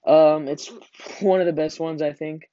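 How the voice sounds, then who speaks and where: A man's voice: on the high side, steady tone, normal speed, warm tone, no echo, highs cut off. A teenage boy hosting a casual podcast with a friend, rambling and joking with frequent laughs. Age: teens. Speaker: podcast host.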